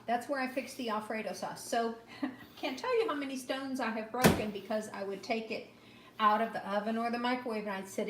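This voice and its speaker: A middle-aged woman giving a chatty, upbeat cooking demonstration and product pitch, talking straight to her viewers from a home kitchen. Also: reverberant, recorded from a distance, very noisy. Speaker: cooking demonstrator and sales consultant.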